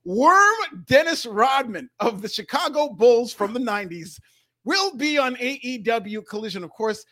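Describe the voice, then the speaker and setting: High-voiced man running down wrestling news. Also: very animated, unhurried, pushed and bright, no echo, studio quality. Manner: laid-back, joking, with chuckles. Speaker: podcast co-host. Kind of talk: casual podcast chat, news rundown.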